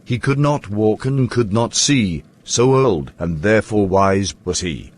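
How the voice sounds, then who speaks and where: A man narrates a rhyming tale in a measured, storytelling manner. He keeps a slow pace and a fairly low voice. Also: expressive.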